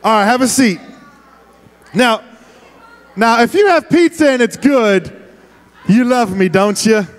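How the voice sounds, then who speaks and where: A man preaching as a youth pastor, playfully wrangling a big room of students and often shouting. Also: very high voice, expressive, unhurried, long pauses. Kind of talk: youth ministry sermon.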